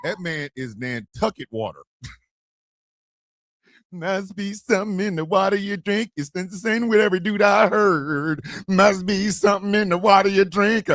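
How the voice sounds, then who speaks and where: A man giving casual, slangy reaction commentary, stammering and breaking into loud outbursts. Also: high voice, unhurried, no echo. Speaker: streamer and political commentator.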